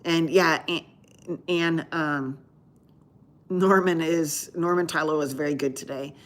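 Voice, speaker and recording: A woman's voice: sits low, steady tone, takes it slowly. A woman doctor hosting a live Q&A stream, chatting casually with viewers and telling a rambling story full of restarts.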